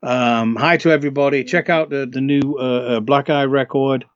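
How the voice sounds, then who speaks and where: A man from the UK, a singer being interviewed, telling stories in a relaxed, chatty way and laughing often. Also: medium pitch, normal speed, clear, resonant tone. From United Kingdom. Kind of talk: casual interview storytelling. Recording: dull, lo-fi, dry call audio.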